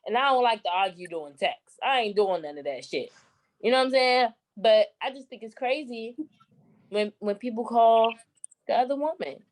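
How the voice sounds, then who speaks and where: A woman's voice: fairly high pitch, animated, normal speed, rough recording. A woman co-hosting a podcast in casual chat, blunt and emphatic with some swearing. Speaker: podcast co-host.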